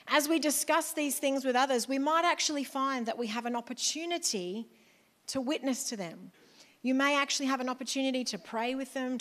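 A woman pastor with an Australian accent giving a chatty, conversational sermon in church, with asides to the congregation. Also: high-pitched.

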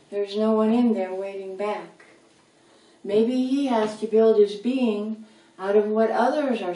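A woman voicing a motherly hen who gives soft, rhyming advice full of pet names, recorded in an echoey room from a distance. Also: medium pitch, natural voice. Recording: roomy echo, voice from a distance.

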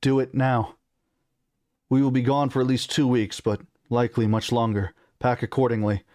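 A man's voice: mid-range voice, flat delivery, moderate pace, darkish tone, dry recording, studio quality, natural voice. A man reading aloud and voicing a determined young male prince who gives firm, commanding orders.

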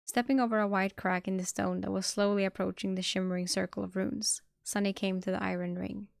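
Gravelly-voiced woman reading a novel aloud. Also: mid-range voice, a little fast, no echo, studio quality. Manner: dramatic reading, bursts into excited reactions. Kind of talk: live-streamed audiobook reading.

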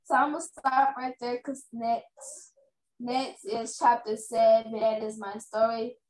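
Woman reader, high pitch, unhurried halting read-aloud, echoey room with faint noise. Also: level tone, darkish tone. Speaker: reader at a reading fair. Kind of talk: reading a children's chapter book aloud.

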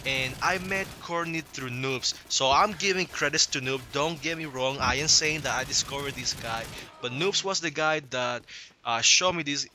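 Young male gaming host with an accent, bright and sharp tone, hyped, slangy, swears a lot. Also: on the high side, moderate pace, a little hiss or hum. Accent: non-native English accent. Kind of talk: casual gameplay commentary.

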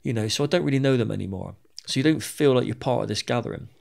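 A middle-aged man recounts his own past as a podcast guest in a frank, unpolished way. His voice has a gravelly edge, and he swears freely and often doubles back on his words mid-sentence. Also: medium pitch, fast talker, darkish tone. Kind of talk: candid storytelling interview.

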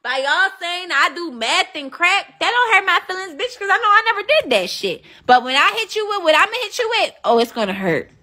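A woman's voice: very high-pitched, big pitch swings, a little fast, hardly any pauses, sharp tone. A young woman livestreaming, chatting casually with viewers in a brash, profane, trash-talking manner.

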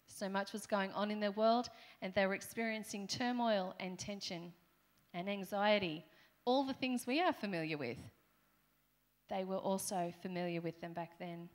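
A woman's voice: medium pitch, steady tone, normal speed. A middle-aged woman with an Australian accent preaching a conversational sermon in a church, with playful asides to the congregation. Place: church hall.

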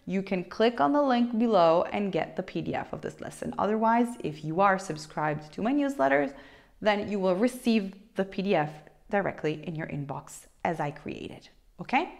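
A woman, a teacher giving a playful, expressive online language lesson with wide swings in intonation. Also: mid-range voice, normal speed, vocal fry. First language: Italian. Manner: expressive, playful, shifts intonation widely for examples.

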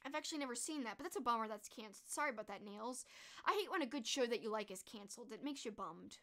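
A woman's voice: on the high side, fast talker. A woman hosting a stream, chatting casually and animatedly about shows she watched. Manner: chatty, animated, mild exclamations. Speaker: streamer host. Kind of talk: casual chat.

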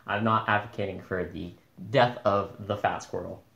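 Low gravelly man from Colorado. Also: steady tone, slow pace, fairly bright tone, echoey room. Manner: short, dry answers. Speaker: podcast guest. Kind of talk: casual podcast chat.

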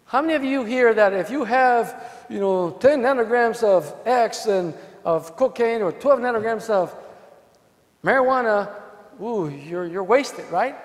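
A man's voice: high-pitched, expressive, a little slow, in a large hall. A man, a DUI defense lawyer, giving a conference talk full of jokes and acted-out courtroom anecdotes. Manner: joking, acts out dialogue with cops and jurors. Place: hotel conference hall.

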